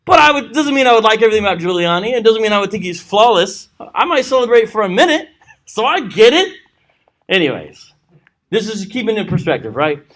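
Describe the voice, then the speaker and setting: A man's voice: high voice, sing-song, brisk, fairly bright tone. A man teaching a church Bible study, reading scripture aloud with joking asides. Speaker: pastor.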